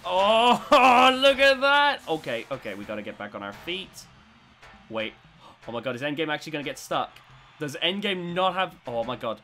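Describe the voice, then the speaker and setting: A man giving excitable commentary as he plays a robot combat video game, swinging between tense muttering and loud cheering. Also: mid-range voice, a little fast, faint music behind. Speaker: gaming YouTuber.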